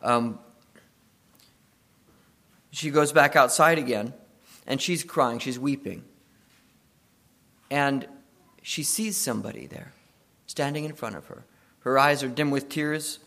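A man preaching a sermon, retelling a story and swinging between hushed passages and emphatic ones. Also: medium pitch, takes it slowly, long pauses.

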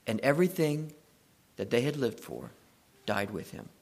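A male preacher with a gravelly, mid-pitched voice tells a story in a sermon. He moves between hushed, intimate stretches and firm, emphatic lines. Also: very animated, moderate pace.

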